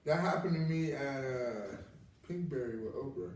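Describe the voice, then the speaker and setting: A man's voice: mid-range voice, animated, normal speed, darkish tone. A man chatting as a comedian, telling stories bluntly with lots of swearing. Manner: blunt, profane storyteller. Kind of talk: casual comedic chat. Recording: echoey room, distant mic.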